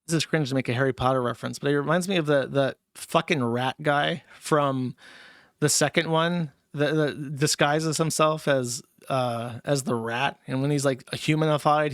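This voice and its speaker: A man hosting a livestream, reading paid chat messages and ranting in a crude, mocking way, sometimes jumping into squeaky put-on voices. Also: a bit bright, no echo, studio quality. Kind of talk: casual crude livestream rant.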